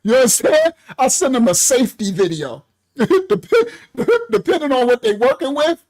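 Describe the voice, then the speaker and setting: A man's voice: very high-pitched, sing-song, moderate pace, a little mellow. A man who leads a ministry, telling a story casually on a livestream, laughing often, using heavy slang and acting out other people's voices. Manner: acts out voices in stories. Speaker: ministry leader.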